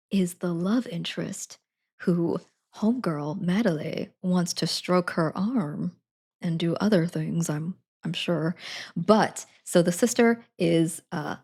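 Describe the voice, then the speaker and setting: Giggly woman with a gravelly low voice. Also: darkish tone. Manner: giggly, rambling, self-correcting. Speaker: streamer. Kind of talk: casual book review chat.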